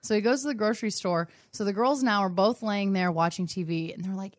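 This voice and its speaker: A young woman telling a funny story in casual chat, animated and laughing, with lots of fillers. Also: medium pitch, fast, hardly any pauses, no echo, clean studio sound.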